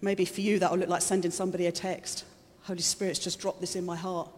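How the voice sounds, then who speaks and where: A woman's voice: fairly low pitch, little pitch movement, fast talker, darkish tone. A woman giving a chatty, conversational sermon, openly emotional and laughing often. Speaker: preacher. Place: church hall. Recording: long hall reverb.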